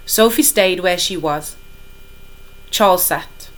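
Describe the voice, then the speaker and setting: A woman teacher reading a children's novel aloud to her class in a lively, expressive way. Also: on the low side, unhurried.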